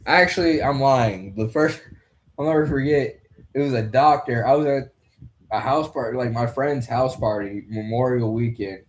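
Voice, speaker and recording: A man's voice: medium pitch, normal speed. Young man, rambling fight commentary, loose casual talk. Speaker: podcast host commentating a fight card.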